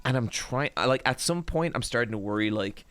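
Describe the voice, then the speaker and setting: A man's voice: mid-range voice, animated, brisk, fairly bright tone. A man hosting a stream, casually telling a rambling, self-deprecating story while tired after a very long session. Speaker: streamer and podcast host.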